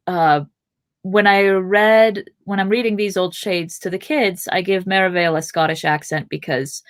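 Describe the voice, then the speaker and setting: A woman podcast host reading a fantasy novel aloud, with expressive narration and chatty asides. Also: on the low side.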